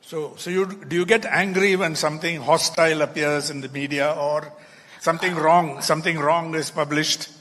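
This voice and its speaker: A man interviews a guest on stage with polite, measured questions. His voice sits a little high. The sound carries the long reverb of a large hall. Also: fairly even intonation, a bit bright.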